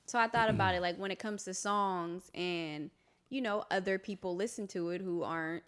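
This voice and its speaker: A woman's voice: medium pitch, moderate pace, fairly bright tone, clean tone. A woman co-hosting a casual podcast, hesitating and searching for her words. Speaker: podcast co-host. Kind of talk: casual chat.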